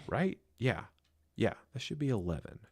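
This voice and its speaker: Over faint game music, a man with a husky, medium-pitched voice and a darkish tone offers live commentary on his game. His sing-song delivery moves at a moderate pace as he rambles, thinks out loud, uses plenty of fillers, and chats to viewers with self-deprecating remarks.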